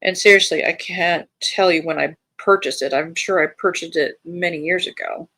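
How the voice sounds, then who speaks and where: Speaking at a moderate pace in a lowish voice, an American woman hosts a reading-sprint livestream, chatting casually and reading the chat aloud with bright lifts. She's friendly, and the recording has no room sound.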